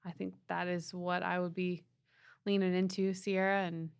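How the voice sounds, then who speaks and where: Low-voiced woman co-hosting an advice show. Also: flat delivery, normal speed, vocal fry, smooth, no echo, studio quality. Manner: affirming, reads listener questions. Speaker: co-host of an advice podcast. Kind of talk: casual advice chat.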